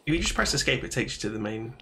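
A man's voice: mid-range voice, big pitch swings, very fast, sharp tone, slight background noise. A man chatting casually as co-host of a game playthrough, joking and giving tips. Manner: helpful, joking backseat tips. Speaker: co-host of a let's play. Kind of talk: casual gaming chat. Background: game music.

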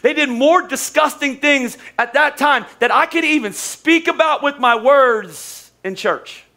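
A man's voice: very high voice, a little slow, pushed and bright. A man preaching a sermon as pastor, casual and conversational, with humor and acted-out quotes.

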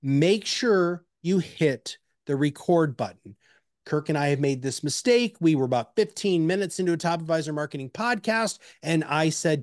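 A man presenting an instructional webinar, energetic and chatty, with personal anecdotes and emphatic repeated pleas. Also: a little high, moderate pace, no echo, studio quality.

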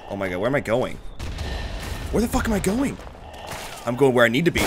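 A man giving excitable, profane gameplay commentary, shouting battle cries while he plays. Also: medium pitch, a little fast, a little hiss or hum. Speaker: gaming YouTuber. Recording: game music and gunfire behind. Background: game music and gunfire.

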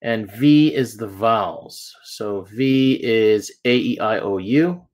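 A male math teacher talks through a lesson at a slow, unhurried pace. His voice sits in an ordinary middle pitch. He explains step by step and keeps checking that the class is following. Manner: patient, step-by-step, checks in with "okay?" and "right?".

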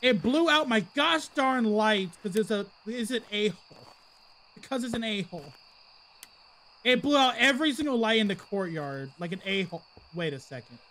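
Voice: medium pitch, a bit bright, a little hiss or hum. A game streamer talking through a live ghost-hunting session, chatty and exasperated, mock-cursing at the game and chatting with viewers. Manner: chats with viewers in the live chat. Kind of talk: live gameplay commentary.

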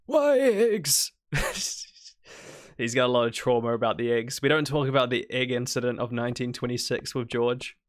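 A man streaming a farming game live, joking, swearing and reacting excitedly as he reads the characters' lines aloud. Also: mid-range voice, fast talker, hardly any pauses. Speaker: gaming streamer. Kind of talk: live-stream gameplay commentary.

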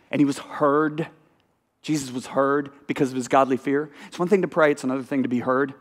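A middle-aged man preaching in a college chapel, his voice high for a man and ringing out with a long hall reverb. He tells his story dramatically, sinking into hushed asides and then breaking into sudden loud exclamations. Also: fairly quick. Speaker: pastor. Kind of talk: sermon.

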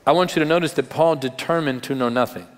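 A man's voice: medium pitch, fast. A pastor delivers a live Sunday sermon in an emphatic, conversational voice, dropping in wry asides. His voice sits in the middle for a man. The recording carries the long reverb of a large church auditorium.

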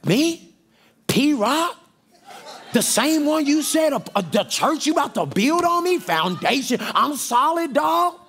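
A man preaching, voicing a brash young Peter who brags loudly in slang. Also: very high voice, big pitch swings, slow pace, voice pushed up, heavily acted. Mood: boastful. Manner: loud slangy bragging.

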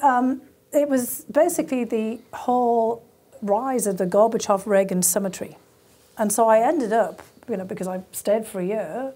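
Husky-voiced woman telling stories. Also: mid-range voice. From County Durham, northern England. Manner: animated anecdotes with frequent laughter and fillers. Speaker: guest. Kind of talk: conversational interview storytelling.

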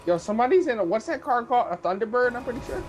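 An excitable man teases his friends as they play a game online. His pitch leaps around constantly. Noisy game audio sits clearly under his voice. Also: rapid-fire. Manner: excitable, teasing. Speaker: gamer. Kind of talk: casual gaming chat.

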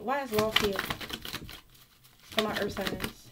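A woman's voice: mid-range voice, slow pace, heavy background noise. A woman reading tarot cards straight to the viewer in a casual, blunt and profane way. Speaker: tarot reader.

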